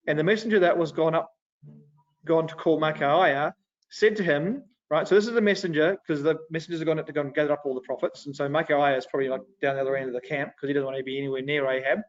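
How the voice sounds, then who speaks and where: A man teaching an adult Sunday school class in a casual, animated way, retelling scripture conversationally. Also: a little high, fairly quick. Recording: dull lo-fi recording.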